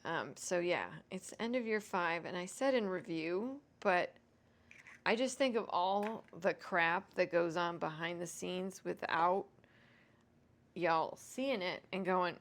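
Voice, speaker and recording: A woman's voice: on the low side, expressive, takes it slowly, long pauses. A woman hosting a home cooking vlog, chatting casually and self-deprecatingly to viewers as she cooks. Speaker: home cooking show host.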